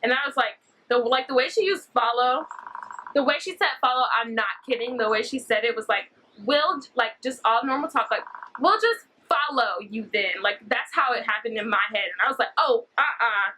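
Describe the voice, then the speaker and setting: A woman's voice: on the high side, brisk, pushed and bright, a little hiss or hum, low-quality recording. A young woman rambling through a story-time vlog, full of fillers. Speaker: vlogger.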